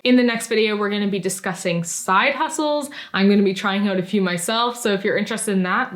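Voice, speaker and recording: A woman travel vlogger talking casually to camera, chatty and rattling off lists, her voice getting hoarse. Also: medium pitch. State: losing her voice.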